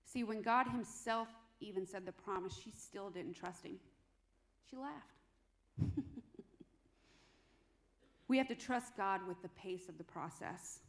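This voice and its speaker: A woman's voice: medium pitch, moderate pace. A woman preaching a sermon in a conversational, humorous storytelling way.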